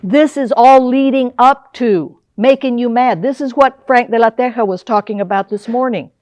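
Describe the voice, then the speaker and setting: An older woman giving a lively history lecture, often putting questions to the audience. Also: fairly high pitch, normal speed, no echo. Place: lecture hall.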